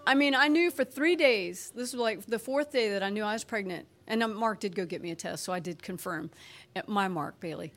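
A woman telling an emotional personal testimony, animated and expressive, acting out what people said. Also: mid-range voice, fairly quick. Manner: animated, expressive, acts out quotes. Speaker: speaker sharing a personal testimony.

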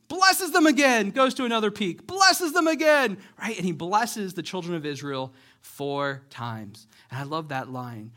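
A man preaching a sermon, retelling a Bible story in a lively, conversational way and acting out the characters' lines. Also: high-pitched, normal speed, hardly any pauses. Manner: conversational, checks in with "right?".

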